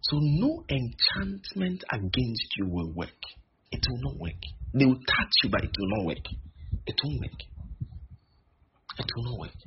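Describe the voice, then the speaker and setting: Man preaching a sermon, gravelly, very husky, lively pitch, dull lo-fi sound. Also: noisy background. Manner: repeats lines for emphasis, slows on key phrases. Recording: dull lo-fi recording.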